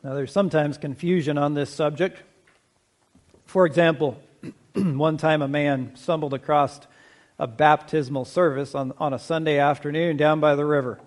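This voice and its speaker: A middle-aged pastor delivers a sermon in a measured, conversational style, slowing to stress key points and posing questions to the congregation. His voice is on the high side with a steady tone.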